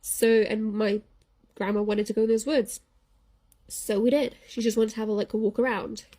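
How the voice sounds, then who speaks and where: A young woman casually telling a spooky childhood story, rambling and animated, often stopping to ask "okay?". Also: a little high, moderate pace. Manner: animated, rambling, frequent "like" and "okay?", laughing at herself. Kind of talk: casual spoken ghost story.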